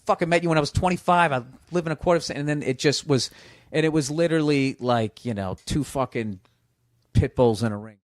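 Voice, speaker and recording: Fast and on the high side, a man swears freely while casually recounting stories for a podcast, bringing them to life by voicing other people's lines. There's no room sound.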